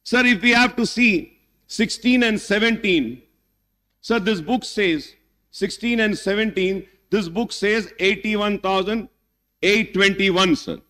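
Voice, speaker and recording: Speaking slowly in a high-pitched, pushed and bright voice, a middle-aged man with an Indian English accent makes an emphatic speech in a legislative assembly debate. He keeps calling the chair "sir," mixes English with Hindi, and the large hall gives long reverb.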